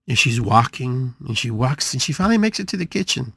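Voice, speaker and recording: Brisk, sing-song, and with few pauses, this mid-range male host delivers a dramatic story on his spiritual podcast, repeating phrases for emphasis. His voice is pushed and bright, slightly rough with vocal fry, captured in studio quality with no room sound.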